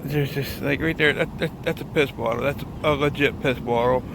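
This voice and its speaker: Gravelly swearing trucker walking outdoors. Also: male voice, mid-range voice, fairly even intonation, normal speed, noisy background. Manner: rambling, swears constantly, wandering thoughts. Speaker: truck driver vlogger. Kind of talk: casual walking vlog. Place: outdoors at a lakeside rest area. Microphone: handheld phone.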